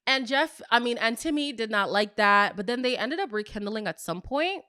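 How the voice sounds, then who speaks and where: A woman hosting a casual, gossipy recap show, telling stories in an animated way with playful hushed asides. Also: moderate pace, clean tone, no room sound, clean studio sound. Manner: animated storyteller, acts out quotes with big pitch jumps. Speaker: host of a reality TV recap show.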